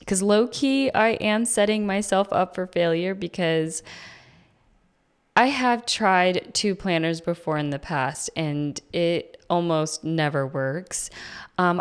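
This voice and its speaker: A young mother and vlogger, her voice groggy with morning, chats casually about planning, rambling and chatty with plenty of fillers. Her voice is on the low side, steady and clear with a resonant tone, at a measured pace.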